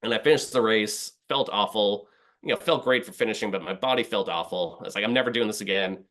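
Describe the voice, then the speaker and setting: A man's voice: on the low side, brisk, fairly bright tone. A middle-aged man from Boston, a podcast guest, telling a long self-deprecating story in casual talk. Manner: rambling, self-deprecating, acts out his past thoughts.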